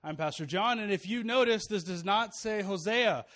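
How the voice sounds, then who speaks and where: A high-voiced man in his thirties preaching a relaxed, conversational sermon. He jokes with the congregation and stumbles through restarts and fillers. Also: moderate pace. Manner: chatty, joking, with many restarts and fillers. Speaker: pastor.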